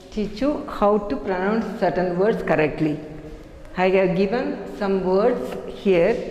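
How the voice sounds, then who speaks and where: A woman teaching English pronunciation in a classroom lesson, slow and deliberate, spelling words out letter by letter. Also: mid-range voice, darkish tone. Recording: echoey room with long reverb.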